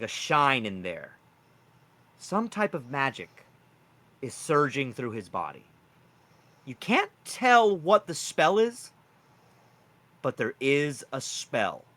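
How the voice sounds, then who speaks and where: A man narrating a tabletop game as game master, with an animated delivery that jumps in pitch and volume.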